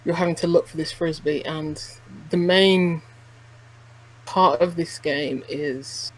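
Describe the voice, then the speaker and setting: Male podcast co-host, raised-pitch voice, loose rambling game chat with lots of fillers. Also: poor audio. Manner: rambling, many restarts and "like" fillers. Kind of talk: casual chat reviewing a game.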